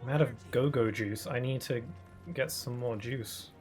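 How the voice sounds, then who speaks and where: A British man chatting casually while he streams a game, his voice sitting at an ordinary middle pitch. He rambles and muses aloud, filling gaps with "um"s and soft chuckles. Faint music runs behind him. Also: steady tone, normal speed. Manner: rambling, musing, with frequent fillers and chuckles. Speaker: gaming streamer.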